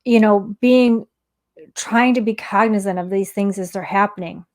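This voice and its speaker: A woman's voice: medium pitch, normal speed. Candid woman chatting about mindfulness. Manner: candid, conversational, tells personal stories. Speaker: mindfulness teacher and vlogger. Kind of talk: casual self-help monologue.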